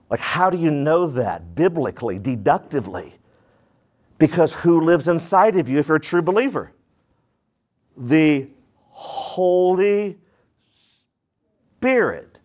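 A man preaching a sermon as pastor, animated, asking the congregation rhetorical questions and acting out quoted voices. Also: fairly high pitch, slow pace, long pauses.

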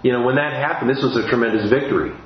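A man's voice: medium pitch, very fast, slight background noise. Man preaching in a roomy church. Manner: earnest, with frequent restarts and repeated phrases. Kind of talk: sermon. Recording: roomy, dull-sounding recording.

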